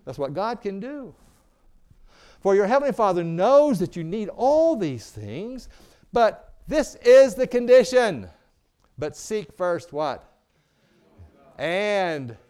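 A middle-aged man preaching a sermon, calling for amens and swinging from booming to hushed. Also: smooth. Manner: preaching with call-and-response, asking "Amen?". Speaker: pastor.

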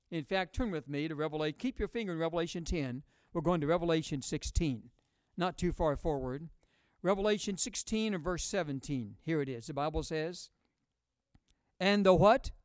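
Male pastor, high-pitched and clear, emphatic call-and-response sermon, dry close sound. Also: no echo. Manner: booming rises on key words.

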